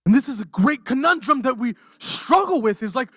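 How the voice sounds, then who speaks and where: A pastor delivering a livestreamed sermon, impassioned and emotional, rising to near-shouts and dropping to hushed softness. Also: sits high, expressive, fairly quick, slightly rough, dry recording, studio quality. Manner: impassioned, swings from raised intensity to hushed softness. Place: church.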